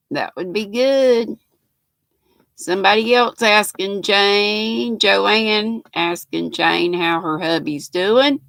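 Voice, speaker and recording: Slow, gravelly older woman. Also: medium pitch, fairly bright tone, no echo. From North Carolina, US. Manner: chatty, homespun, greets viewers by name. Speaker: livestream host. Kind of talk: casual chat, reading out live chat comments.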